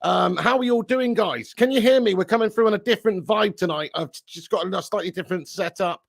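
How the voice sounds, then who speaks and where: Gravelly high-voiced man hosting a stream. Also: fairly quick, no echo, studio quality. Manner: banter-heavy, teasing chat readers with swearing. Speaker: live stream host. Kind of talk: casual live-stream chat.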